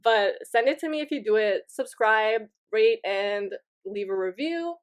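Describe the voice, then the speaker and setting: A woman's voice: a little high, lively intonation, measured pace. A young woman hosting her own podcast, telling a funny story in a casual, rambling way and often breaking into giggles. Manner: giggly, rambling, self-mocking. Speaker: podcast host. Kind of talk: casual solo story time.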